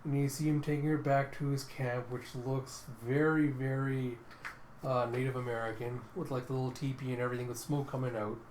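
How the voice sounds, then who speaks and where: A man casually narrating a comic aloud in an animated way, describing panels and mouthing sound effects. The voice sits in a slightly echoey room. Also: mid-range voice, fairly quick, slight background noise. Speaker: comic readthrough host.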